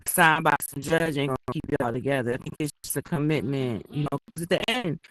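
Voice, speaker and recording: A man's voice: on the high side, fairly quick, a bit bright, dry recording. A man in a casual group discussion, starting hesitantly with stammers.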